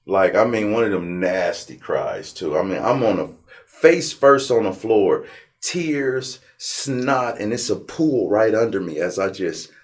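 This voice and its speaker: A man's voice: fairly low pitch, unhurried. A man from Southern California, an interview guest, telling his life story with feeling, swearing freely and acting out what others said. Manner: animated, profane, acts out quoted people.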